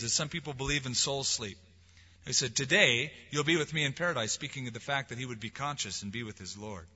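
A man preaching a sermon as pastor, rising to loud emphasis and dropping to quiet lines. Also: mid-range voice, a little fast, breathy edge, big-room sound, muffled recording. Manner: preaching with swelling emphasis and soft drops.

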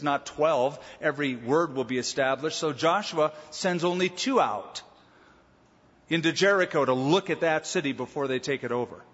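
A man from Southern California preaching an expository sermon with emphatic, drawn-out teaching delivery. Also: on the high side, a bit bright, breathy edge. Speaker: pastor. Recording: dull lo-fi sound with long hall reverb.

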